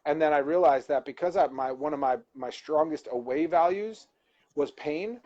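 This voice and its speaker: A man's voice: fairly high pitch, moderate pace, warm tone, lo-fi sound. A man co-hosting a live-stream talk, reflecting on a personal insight and searching for words as he goes. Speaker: co-host.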